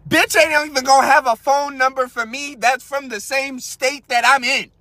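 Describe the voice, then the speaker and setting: A man hosting a podcast, giving crude, comedic commentary on a story he reads out. He swings between loud outbursts, quiet mutters and laughing at his own jokes. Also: very high voice, fairly even intonation, moderate pace, no room sound. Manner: crude, loud, cracks himself up, trails into mutters. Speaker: podcast host.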